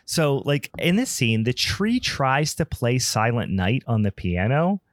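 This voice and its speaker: A man's voice: medium pitch, sing-song, measured pace, no echo, clean studio sound. A man co-hosting a podcast, retelling movie scenes in a casual, sarcastic way and laughing often. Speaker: podcast co-host. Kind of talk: casual film review chat.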